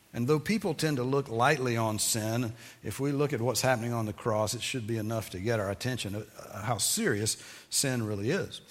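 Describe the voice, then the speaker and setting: A man's voice: mid-range voice, slightly rough, in a large hall. Man preaching a scripture-reading sermon. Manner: reads scripture aloud then explains it in measured teaching tone.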